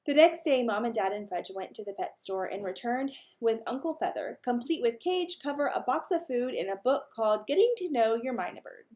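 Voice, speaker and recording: Expressive woman reading a storybook aloud. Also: a little high, a little fast, hardly any pauses. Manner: expressive, asks listeners questions. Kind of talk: children's book read-aloud.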